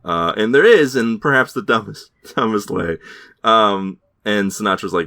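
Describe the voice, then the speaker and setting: A deep-voiced man rambles through a show recap on a podcast, now and then slipping into mocking voices for the characters. His voice sits very low, and the sound is close and dry. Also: moderate pace, bright, forceful tone, dry recording. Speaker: podcast host. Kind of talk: casual chat recapping a TV show.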